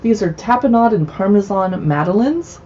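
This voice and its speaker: A woman's voice: mid-range voice, lively intonation, normal speed, warm tone, lo-fi sound, a little hiss or hum. A woman hosting a casual cookbook livestream, reading recipe titles aloud and adding chatty asides. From US West Coast. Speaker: cookbook show host. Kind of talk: casual livestream book browsing. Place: home in a city.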